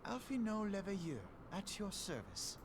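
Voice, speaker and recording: Precise, polished young scholar, high and lively, loud game music underneath. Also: male voice, moderate pace, background noise. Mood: polite.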